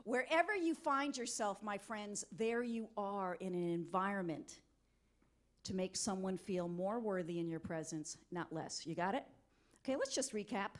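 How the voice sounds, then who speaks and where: A middle-aged woman giving an energetic, interactive motivational talk at a conference, coaxing volunteers from the audience. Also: mid-range voice, normal speed. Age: middle-aged or older. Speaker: conference keynote speaker. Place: conference hall.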